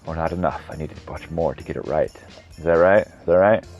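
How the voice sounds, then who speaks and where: This thirty-something solo podcaster has a rumbling low voice, a fairly quick delivery, and a slightly mellow quality. He chats casually, veers off topic, and corrects himself as he goes. Background music sits behind a dull, lo-fi recording.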